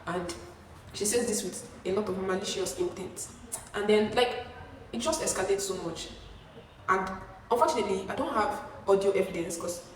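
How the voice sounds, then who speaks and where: A young woman tells a story to her vlog audience, lively and expressive, leaping up in pitch whenever she mimics someone. Her voice carries a strong echo and sits at a distance from the mic, with a faint hiss behind it. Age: young adult. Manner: animated, acting out quotes with sudden pitch jumps. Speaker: vlogger. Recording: echoey room, far from mic, faint hiss.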